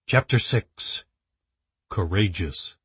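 A man narrating an audiobook in an even, measured storytelling voice. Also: sits low, husky, no echo. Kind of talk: scripted narration.

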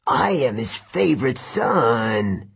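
Antaeus, a slow booming giant, as a man puts him on. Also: big pitch swings, vocal fry, slight background noise, full character voice. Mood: gloating. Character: huge brutal male giant, arena lord. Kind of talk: audiobook narration.

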